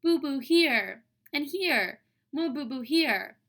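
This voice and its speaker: A woman voicing a toddler boy who babbles in baby talk, singsong and excitable. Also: sits high, slow, voice pushed up, full character voice. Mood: whiny.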